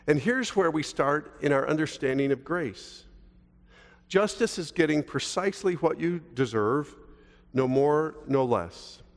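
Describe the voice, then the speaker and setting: An older man preaching a sermon in a conversational, folksy way, often putting questions to his congregation. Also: medium pitch. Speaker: pastor. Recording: long reverb of a large hall.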